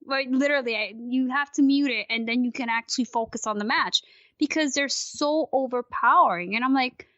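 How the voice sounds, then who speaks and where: High, bright woman ranting animatedly. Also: brisk, no echo. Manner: animated, ranting, swears freely. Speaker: podcast guest. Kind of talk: casual podcast chat. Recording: dry, dull lo-fi sound.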